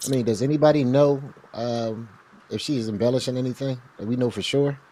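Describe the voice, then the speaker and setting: A man's voice: medium pitch, fairly quick, mellow. A man chatting as a guest on an online talk show, laid-back and slangy in how he talks. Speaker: guest co-host. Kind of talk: casual online show chat.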